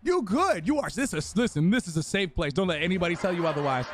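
A young man streams himself playing a football video game, chatting casually with viewers, reading the chat aloud, and shouting out and teasing people. His voice sits high, expressive and quick, over a home stream filled with the game's stadium crowd and commentary.

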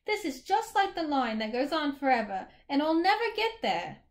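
A woman's voice: high voice, sing-song, moderate pace. A woman voicing a curious, patient young boy who asks earnest questions, read aloud from a storybook. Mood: puzzled.

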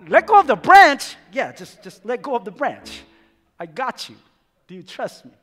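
Jesus, calm and patient, as a preacher puts him on in a story, speaks in an unhurried, gently amused tone. The voice is high and bright. It echoes through a large hall with faint music behind. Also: male voice. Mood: calm reassuring. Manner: calm, reassuring, lightly amused.

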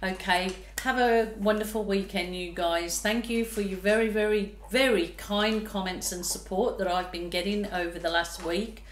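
A woman's voice: mid-range voice, steady tone, a little hiss or hum. A woman painter from Australia, gushing with exclamations as she chats casually to her viewers while painting. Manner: gushing, exclamatory, drawn-out delight. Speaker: fluid art painter. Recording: echoey room.

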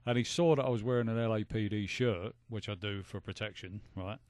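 A man's voice: on the low side, a little fast, darkish tone, no echo, clean studio sound. A man with a British accent co-hosting a radio talk show, telling easygoing stories. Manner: chatty anecdote-telling, agreeable. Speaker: radio co-host.

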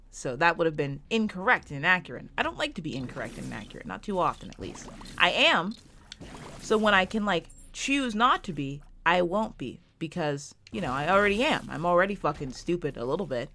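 Fast-talking woman in her twenties. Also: fairly low pitch, pushed and bright, slight background noise. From United States. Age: 20s. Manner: fast-talking, rambling, swears often. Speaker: gaming streamer. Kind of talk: casual gameplay commentary.

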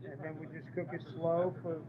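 High-voiced man, a proud chef. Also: flat delivery, moderate pace. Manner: proud, agreeable, promotional. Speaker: restaurant chef. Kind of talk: explaining his dishes to a host. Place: restaurant. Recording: muffled audio with background noise.

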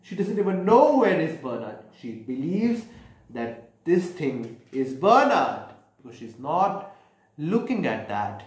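A man's voice: on the high side, very animated, slow. A man reading a picture book aloud to children, explaining each page and asking them questions. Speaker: storyteller. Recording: echoey room.

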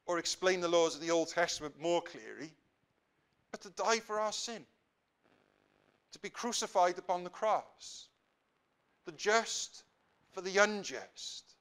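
A man with a Welsh accent preaching a sermon in church, swelling to fervent emphasis and sinking to quiet prayer. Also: sits high. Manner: rises to impassioned emphasis, then drops to quiet prayer.

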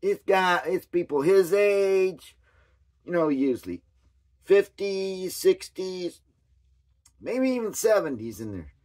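A man rambling through a casual commentary vlog with a hoarse voice, often losing his train of thought. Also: sits high, sing-song, takes it slowly, a little mellow. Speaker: commentary vlogger.

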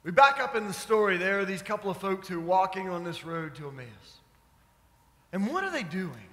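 A man's voice: high-pitched, very animated, fairly quick, a bit bright. A man preaching a sermon, telling a story in a conversational way and putting questions to the congregation. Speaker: pastor. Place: church sanctuary. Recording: echoey church hall.

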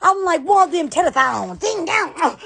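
A woman's voice: extremely high pitch, big pitch swings, moderate pace, gravelly, fairly bright tone. A woman chatting on a live stream, laughing a lot and crying out "oh, yes" over and over. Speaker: online shop owner on a live stream. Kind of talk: excited casual live stream chat.

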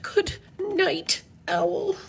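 A woman's voice: very high-pitched, level tone, very slow, vocal fry, pitched above the performer's own voice, full character voice. A woman reading a picture book aloud, voicing a fussy male owl who keeps hearing a noise at bedtime. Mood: fretful. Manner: exclaims anxiously about the noise.

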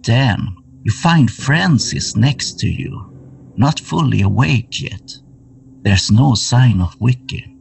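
A man narrating a horror tabletop game as game master, setting each scene slowly and atmospherically. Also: mid-range voice, animated, creaky, a little hiss or hum. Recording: somewhat distant mic with music underneath.

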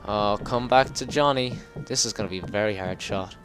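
A man with a lowish voice gives an excitable running commentary over his gameplay, swearing freely and bursting into yells. Game music plays clearly behind him the whole time. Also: brisk. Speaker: gameplay video host. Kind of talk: let's play commentary. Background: game music and sound effects.

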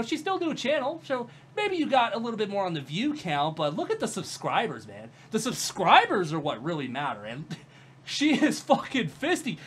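A woman's voice: a little high, slight background noise. A woman giving mocking reaction commentary, sarcastic and profane, often breaking into laughter. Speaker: commentary vlogger.

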